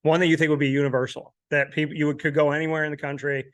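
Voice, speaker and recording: A man's voice: on the high side, level tone, very fast, a bit bright, no echo. A chatty man hosting a casual sports interview, laughing often. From Syracuse, New York. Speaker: interviewer and show host.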